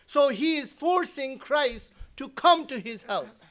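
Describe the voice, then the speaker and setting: Male preacher, very high voice, animated and emphatic sermon delivery. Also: moderate pace, hardly any pauses. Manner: animated, acts out quotes, emphatic.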